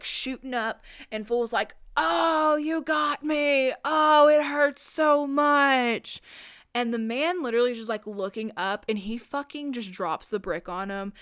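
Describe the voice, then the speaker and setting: A woman's voice: medium pitch, smooth, no room sound, studio quality. Chatty, profane woman recapping a movie. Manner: chatty and profane, retelling scenes with quick put-on quotes. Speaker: podcast host. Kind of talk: casual film recap.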